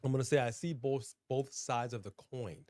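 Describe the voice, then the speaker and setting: A man co-hosting a casual wrestling chat show, talking in an emphatic, animated, slangy way. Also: mid-range voice, normal speed, dry recording, clean studio sound. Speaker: podcast co-host.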